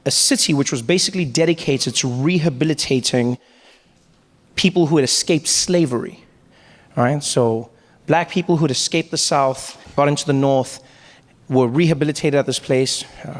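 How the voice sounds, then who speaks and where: A man with a South African accent telling stories in stand-up, acting out voices and dialogue. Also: mid-range voice. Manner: animated, acts out voices and dialogue. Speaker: stand-up comedian. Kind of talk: stand-up storytelling. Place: comedy stage before a live audience.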